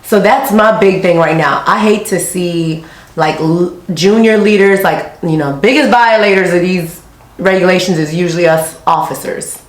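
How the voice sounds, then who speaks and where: A woman's voice: fairly low pitch, moderate pace. A young woman who is an Army officer, chatting casually and talkatively while doing her makeup. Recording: echoey room.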